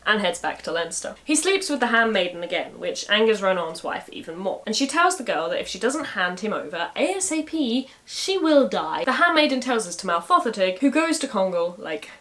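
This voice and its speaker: A woman's voice: medium pitch, big pitch swings, fairly quick, hardly any pauses, fairly bright tone. Woman telling an old saga wryly. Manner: wry, sarcastic asides. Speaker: storyteller. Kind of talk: casual retelling of a medieval saga.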